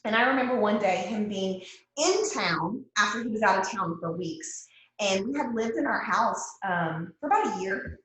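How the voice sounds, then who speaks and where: A woman's voice: mid-range voice, lively intonation, normal speed, a bit bright. A woman with a Texan accent, guest-hosting a motivational team talk in a chatty way, repeating phrases for emphasis. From Texas. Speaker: guest host. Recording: very echoey room.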